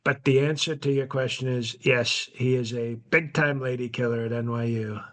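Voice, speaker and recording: A man playing a brash, boastful elderly president on a comedy podcast, rambling deadpan with constant self-interruptions. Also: medium pitch, normal speed, natural voice. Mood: smug. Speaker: podcast host in character.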